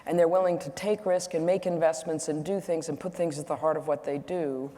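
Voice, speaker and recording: A woman's voice: low-pitched, fairly even intonation, a little fast, dark tone. A woman in her sixties, a guest speaker at an event, telling humorous anecdotes in a candid way and often correcting herself mid-sentence. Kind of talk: onstage conversation with anecdotes. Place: event hall. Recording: echoey hall reverb.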